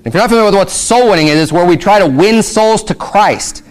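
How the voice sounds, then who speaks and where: High-voiced preaching man, emphatic. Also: fast talker. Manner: preaching with rising, emphatic peaks and rhetorical questions; reads scripture aloud then explains in casual asides. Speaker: pastor. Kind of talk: sermon.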